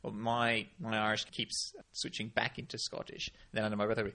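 Man, podcast co-host, gravelly low rasp, casual and playful. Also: steady tone, brisk, few pauses, bright, forceful tone. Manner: chatty, slips into playful accent impressions. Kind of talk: casual chat.

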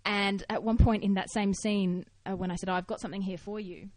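Animated Australian woman telling stories. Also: mid-range voice, fairly quick, rough recording. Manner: animated storyteller, bursts into loud laughing asides. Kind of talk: casual chat.

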